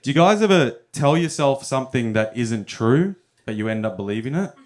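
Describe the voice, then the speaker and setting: A man's voice: mid-range voice, animated, fairly quick, a little mellow. A young man telling stories in a stand-up set at a comedy club, often chuckling at his own punchlines.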